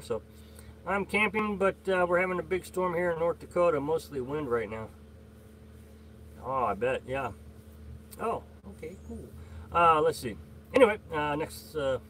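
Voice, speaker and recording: A man's voice: a little high, animated, moderate pace, long pauses, fairly bright tone, a little hiss or hum. A middle-aged man hosting a casual live stream, rambling with many fillers and greeting viewers by name as he reads their comments. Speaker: livestream host.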